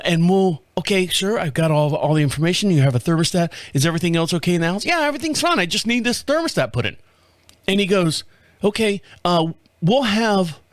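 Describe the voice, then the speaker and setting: A middle-aged man hosts his own show with a fairly high voice for a man. He rambles through a story in a loose, profane way and laughs at his own blunders. The sound is dry and close, with no room behind him. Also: no room sound. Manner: animated, profane, laughs at himself. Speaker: podcast host. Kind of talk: casual storytelling monologue. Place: home studio.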